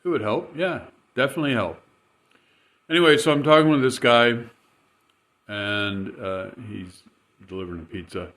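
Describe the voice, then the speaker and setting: A man's voice: on the low side, fairly bright tone. A man casually telling a rambling, chatty anecdote, chuckling as he goes. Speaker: storyteller.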